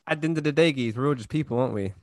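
Young man, easygoing podcast co-host, joking, mid pitch, dry close recording. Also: rapid-fire, no echo. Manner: relaxed, joking, steers the talk like a host. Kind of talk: casual chat.

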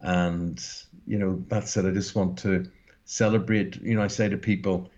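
A man's voice: low-pitched, steady tone, normal speed, darkish tone, dull audio. A Northern Irish man in his sixties speaking as an interview guest, talking in an earnest, emphatic and rambling way. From Northern Ireland. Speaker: guest broadcaster. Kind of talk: casual interview talk.

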